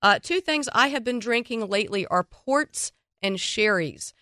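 Congested woman radio host, chatty and self-mocking, bright smooth voice, dry studio sound. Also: on the high side, expressive, measured pace, dry recording. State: congested from a cold. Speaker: radio talk show host. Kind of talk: casual radio talk.

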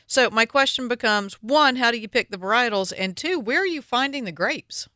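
A woman's voice: mid-range voice, lively intonation, normal speed, bright, forceful tone, no echo, clean studio sound. A woman hosting a radio interview, joking with her guest and asking pointed questions. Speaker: radio show host.

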